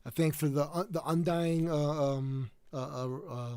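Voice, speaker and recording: Worn out new york guy on a live stream, kinda high voice, mellow and dry, lots of ums and restarts. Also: steady tone, a little slow, smooth, no echo. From South Bronx, New York. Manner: rambling, many fillers and restarts. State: tired. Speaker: livestream host. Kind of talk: casual livestream chat.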